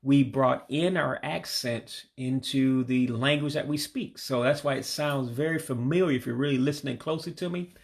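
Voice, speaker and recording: A man with a gravelly, creaky voice leads a home-made vocabulary lesson. He talks patiently and says each word slowly, more than once, so listeners can practice. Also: medium pitch. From United States. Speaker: language learner teaching vocabulary.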